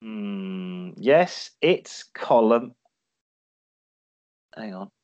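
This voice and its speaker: A man leads a casual podcast quiz, his voice swinging widely in pitch as he jokes and trips over his own answers. The recording sounds dull and lo-fi. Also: expressive, very slow, a little mellow, clear, resonant tone. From Ireland. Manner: jokey, self-correcting quizmaster. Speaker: podcast co-host running a quiz. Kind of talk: casual chat. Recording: dull lo-fi audio.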